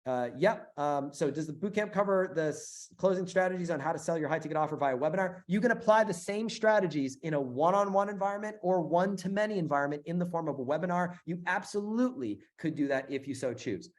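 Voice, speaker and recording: A middle-aged man hosting a live sales webinar, pitching emphatically with repeated phrases and frequent fillers. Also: expressive, fast talker, hardly any pauses. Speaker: webinar host selling a business bootcamp.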